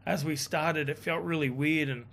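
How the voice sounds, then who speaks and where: A man telling a story in a casual chat, animated and swearing, quoting others in his own voice. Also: a little high, normal speed, gravelly, a little hiss or hum. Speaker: guest.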